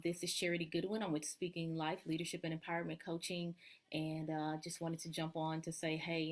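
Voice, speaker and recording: A woman life coach giving a casual live-stream pep talk from home, with many ums and pauses. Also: fairly low pitch. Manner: warm-hearted, loose, with many ums and uhs. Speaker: leadership and empowerment coach. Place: at home at a table with children nearby.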